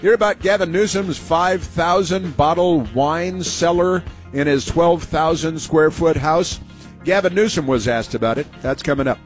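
A man hosting a talk radio show, speaking in a sarcastic, mocking way with many halting fillers. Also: fairly high pitch, soft background music.

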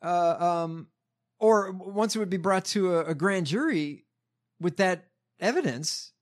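Male podcast host, casual political commentary, rambling and sarcastic, voice a little high. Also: expressive, unhurried. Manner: rambling, sarcastic, with many fillers.

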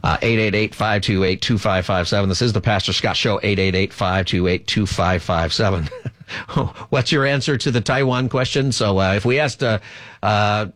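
A man's voice: fairly low pitch, moderate pace, fairly bright tone, dry recording. A man hosting a political talk radio show, giving opinionated commentary with many fillers and asides.

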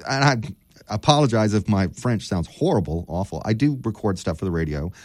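Male radio guest, deep and dry, chatty and self-deprecating. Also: expressive, brisk, dry recording. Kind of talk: radio interview conversation. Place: radio studio.

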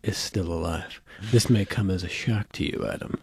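A man parodying a gloomy film hero in a hushed, exaggerated monotone. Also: deep voice, moderate pace, vocal fry, husky, dry recording, studio quality, pitched below the performer's own voice, exaggerated voice. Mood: mock-solemn. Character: mock-solemn man spoofing a film's gloomy tone.

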